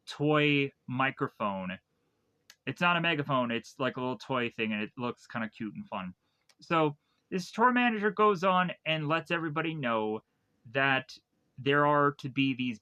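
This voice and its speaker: A man with a bright, somewhat tense voice walks through a film's story scene by scene. His delivery is loose and rambling, full of fillers and restarts, as in a casual review. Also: a little high, clear, resonant tone. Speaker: film reviewer. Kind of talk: casual plot recap.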